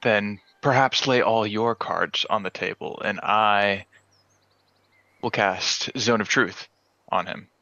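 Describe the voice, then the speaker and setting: A man's voice: fairly low pitch, slow, sharp tone, dry recording. A man playing a tabletop game, speaking tersely and challengingly in character. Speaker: player. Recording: dull, dry lo-fi audio.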